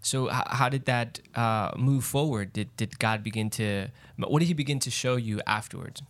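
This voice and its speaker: A man asking an interview guest follow-up questions in a halting, soft-spoken way. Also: mid-range voice.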